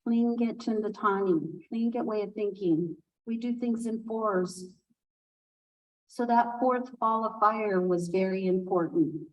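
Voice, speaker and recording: Slow, expressive woman storyteller. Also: medium pitch, distant mic, poor audio. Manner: unhurried, expressive storytelling with asides. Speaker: storyteller speaking at a conference. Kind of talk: oral storytelling of a folk tale.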